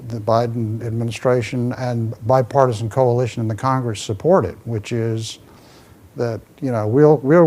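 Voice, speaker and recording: A man's voice: medium pitch, warm tone. A man, an ambassador, giving an emphatic public talk full of stories and answering audience questions as he moves around. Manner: emphatic storyteller, restless, moves around while speaking. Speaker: ambassador speaking at a forum.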